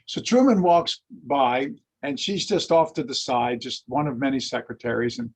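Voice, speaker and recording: Male history lecturer, husky and gravelly, an animated anecdote-teller. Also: medium pitch, moderate pace. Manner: animated storyteller, acts out quotes. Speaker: lecturer and teacher.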